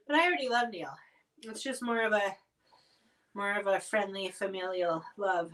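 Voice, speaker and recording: Woman livestream host at home, casual and chatty, coughing and clearing her throat, a bit far from the mic. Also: mid-range voice, moderate pace, a bit bright. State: coughing from spicy food. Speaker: livestream host reviewing spicy snacks.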